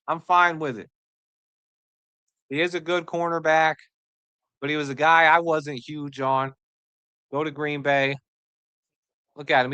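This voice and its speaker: A woman hosting a live draft reaction stream, excitable and joking, answering chat as she goes. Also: low-pitched, smooth, dry recording.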